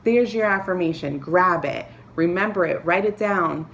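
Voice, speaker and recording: Low voice lady vlogging, earnest pep talk, little laughs, bit of background hum. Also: moderate pace. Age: adult, a parent. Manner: earnest, encouraging, with soft laughs and fillers. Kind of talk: motivational talk to camera.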